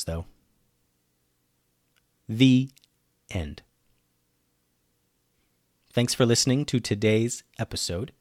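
A male podcast host reads a children's story aloud in a playful, animated way. His voice sits at a middle pitch, and the recording is dry and close. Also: no room sound. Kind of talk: storytelling narration.

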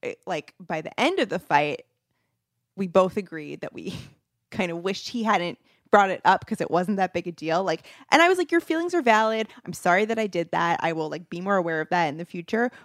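A woman's voice: lowish voice, fairly quick, dry recording, clean studio sound. A woman co-hosting a podcast, chatting casually and telling a story with lots of "like". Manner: animated, laughs often, lots of "like". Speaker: podcast co-host. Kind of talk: casual chat.

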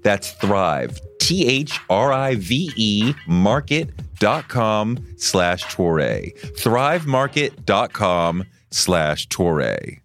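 A man hosting an interview show, asking questions and reading a sponsor ad in a measured way. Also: lowish voice, sing-song, a bit bright, soft background music. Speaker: podcast host.

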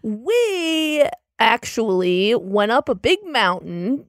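A woman's voice: fairly high pitch, big pitch swings, takes it slowly, no room sound, clean studio sound. A woman playing a tabletop role-playing game in a playful way. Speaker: player.

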